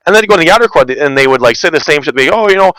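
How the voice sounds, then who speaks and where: A man's voice: fairly high pitch, animated, racing, bright, forceful tone, slight background noise, poor audio. A man telling a long story in a casual, rambling way, full of "like" and "um", and sounding exasperated. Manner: rambling, heavy use of "like" and "um" fillers, exasperated. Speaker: vlogger recounting online community drama.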